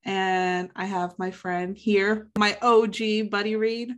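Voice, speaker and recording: A young woman hosts a casual book chat with an easy, giggly manner. She talks freely and throws her voice up high when retelling her own reactions. Her pitch sits in the middle range. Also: slow pace. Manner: chatty, giggly, animated retelling. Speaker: podcast host.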